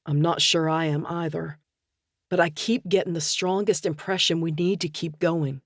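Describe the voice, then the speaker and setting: A woman reading an audiobook, voicing a gentle young husband who speaks quietly and reassuringly. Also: low-pitched, fairly even intonation, moderate pace, dry recording, studio quality. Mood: tender. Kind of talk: audiobook character dialogue.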